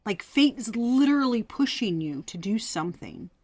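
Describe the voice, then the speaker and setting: A woman's voice: a little high, very animated, normal speed, a little mellow, no room sound. Lady doing a tarot reading, swears a lot, laughs, dry close sound. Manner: chatty, laughing, profane, drops to whispers. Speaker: tarot reader. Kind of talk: casual tarot reading vlog.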